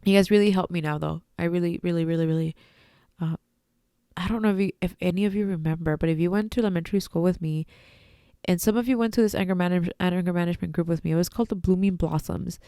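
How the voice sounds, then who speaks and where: A woman's voice: lowish voice, fast talker, mellow, smooth, no echo, studio quality. A young adult woman hosting her own podcast, talking candidly and from the heart about friends and family, with frequent fillers and casual swearing. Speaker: podcast host. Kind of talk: casual solo podcast talk.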